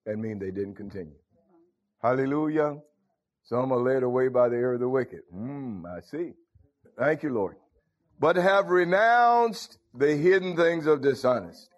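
A man's voice: mid-range voice, a little mellow. An older man, preaching a folksy sermon full of call-and-response asides. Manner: call-and-response, frequent "huh?" and "thank you, Lord". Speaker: pastor. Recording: dull lo-fi recording.

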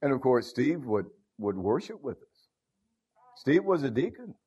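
A man's voice: mid-range voice, very animated, measured pace, a little mellow, slightly rough. An older man, preaching a folksy sermon full of call-and-response asides. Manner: call-and-response, frequent "huh?" and "thank you, Lord". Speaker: pastor. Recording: dull lo-fi recording.

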